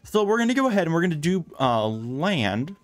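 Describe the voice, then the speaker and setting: A man's voice: a little high, sing-song, a little fast, faint music behind. Male gaming host, casual commentary over his own play, rambling and chatty, talks through each step. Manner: chatty, thinks aloud with frequent fillers and restarts.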